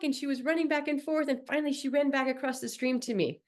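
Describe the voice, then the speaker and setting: A woman from Southern California, a podcast guest telling a personal story in a casual, animated way, acting out the people she quotes. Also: sits high, quick pace, hardly any pauses. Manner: animated, acts out quoted voices.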